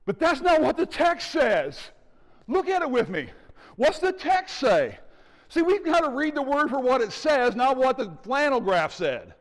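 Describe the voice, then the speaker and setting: A man preaching a sermon as pastor, animated and calling out to the congregation for responses. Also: very high voice, a little slow. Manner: animated preaching with audience call-outs. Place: church sanctuary. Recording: church hall with long reverb.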